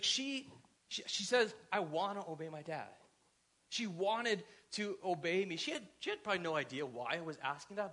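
A man's voice: sits high, fairly bright tone, breathy edge. A man in his thirties, a pastor, preaching a sermon in a loose, conversational way, often checking in with the congregation. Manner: conversational, asks the congregation questions.

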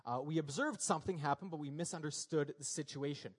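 Chatty pastor with a slightly high voice. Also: male voice, husky. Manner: conversational, halting with fillers and repeated words. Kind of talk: sermon.

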